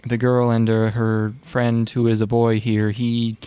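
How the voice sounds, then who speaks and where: A man co-hosting a podcast, chatting in a laid-back, dry way with drawn-out fillers. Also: mid-range voice, monotone, dark tone, smooth, dry recording. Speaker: podcast co-host. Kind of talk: casual chat reviewing shows.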